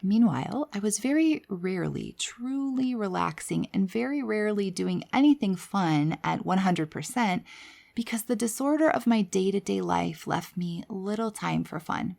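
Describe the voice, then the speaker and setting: A woman hosting a podcast, telling her personal story in a candid, conversational way with quiet asides. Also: medium pitch, expressive, moderate pace, vocal fry. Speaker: podcast host.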